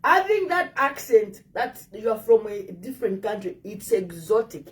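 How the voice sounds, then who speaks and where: A woman's voice: mid-range voice, expressive, normal speed, few pauses, recorded from a distance. A woman with an African English accent giving direct, coaxing dating advice to her viewers in a casual monologue.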